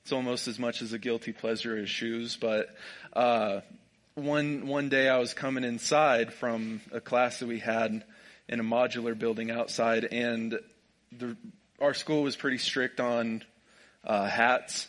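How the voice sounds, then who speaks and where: A man's voice: medium pitch, fairly even intonation, a little slow, fairly bright tone. Young guy w a drawl, easygoing storyteller, cracks jokes and laughs a lot. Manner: laid-back, jokey, laughs often. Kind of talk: casual storytelling.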